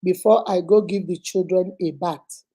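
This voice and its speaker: A woman's voice: lowish voice, steady tone, moderate pace, warm tone, husky. A woman reading a listener's letter aloud on her relationship advice show, telling it dramatically and acting out the voices in it.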